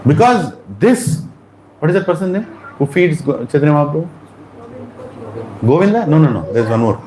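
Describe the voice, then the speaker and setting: A man giving an animated storytelling sermon at a temple Sunday feast, acting out the lines of the people in his story. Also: fairly high pitch, moderate pace, pauses often. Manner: animated, acts out dialogue in changing voices. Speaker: devotional speaker. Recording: echoey hall, faint room noise.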